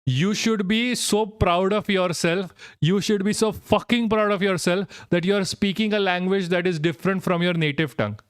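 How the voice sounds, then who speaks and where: A man's voice: high voice, moderate pace, clear, resonant tone, no room sound, clean studio sound. Blunt, profane Indian man streaming. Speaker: livestream host. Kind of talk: casual live-stream chat reading viewer comments.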